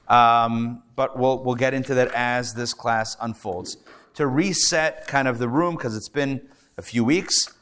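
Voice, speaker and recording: A man teaching a live class, lively and animated as he tells a joke and acts out each character's voice. His voice sits at a middle pitch and sometimes drifts off the mic in the room. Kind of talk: live lecture with jokes.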